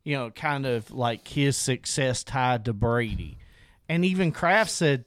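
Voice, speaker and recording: A man co-hosting a podcast in casual sports chat, relaxed and prone to restarts. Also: medium pitch, unhurried, dry recording, studio quality. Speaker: podcast co-host.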